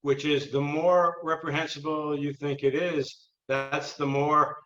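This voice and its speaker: A man co-hosting a talk show, making measured, lawyerly points. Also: on the high side, little pitch movement, a bit bright. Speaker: co-host. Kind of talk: casual panel talk. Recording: echoey, dull-sounding room.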